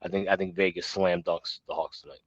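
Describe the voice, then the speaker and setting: A man with a lowish voice co-hosts a betting show and gives short, low-key opinions. His audio comes through dull and lo-fi from a remote line, and it sounds dry. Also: fairly even intonation, a little fast, no room sound. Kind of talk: casual sports betting analysis.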